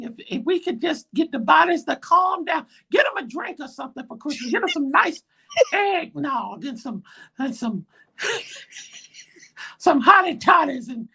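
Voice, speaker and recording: A woman's voice: sits high, vocal fry, sharp tone, heavily acted. A woman voicing a whiny little boy football fan who pleads and rambles to Santa in a comedy skit.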